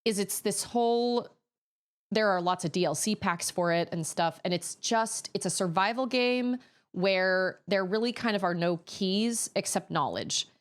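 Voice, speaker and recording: A woman's voice: mid-range voice, measured pace. A woman streamer chatting casually to her audience in a rambling way, often laughing. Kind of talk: casual chat on a gaming stream.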